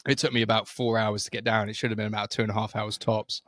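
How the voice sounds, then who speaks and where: A British man co-hosting a relaxed podcast, telling a story with plenty of "um"s and restarts. His voice sits on the low side. The sound is close and dry, with no room around it. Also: quick pace, no echo. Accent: British English. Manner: chatty storyteller, many fillers and restarts. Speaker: podcast co-host. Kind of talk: casual podcast chat. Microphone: studio microphone.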